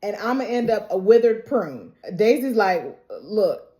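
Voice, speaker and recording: A woman's voice: mid-range voice, lively intonation, unhurried, mellow. A woman casually recapping a TV episode, telling it as chatty gossip, acting out quotes and laughing often. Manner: chatty storytelling, acts out quotes; laughs often while talking. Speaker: TV recap vlogger.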